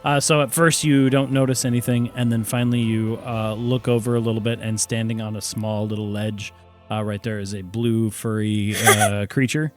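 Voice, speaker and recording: A man's voice: lowish voice, level tone, soft background music. Playful man running a tabletop game. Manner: brisk, playful narration. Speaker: game master.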